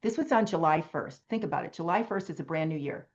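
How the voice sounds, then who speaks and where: A woman's voice: deep voice, animated, fast, dull audio. An older woman, a longtime direct-sales leader, telling a long rambling personal story on a call. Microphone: video call.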